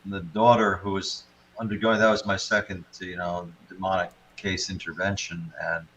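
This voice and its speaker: Low, bright-toned man, measured. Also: level tone, lo-fi sound, a little hiss or hum. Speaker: podcast host, paranormal investigator. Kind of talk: casual chat.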